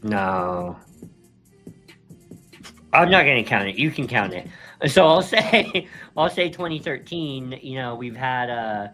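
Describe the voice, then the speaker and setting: A man's voice: mid-range voice, lively intonation, takes it slowly, long pauses, a bit bright, soft background music. A man co-hosting a live stream in casual chat, rambling with many restarts and frequent laughs. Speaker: co-host.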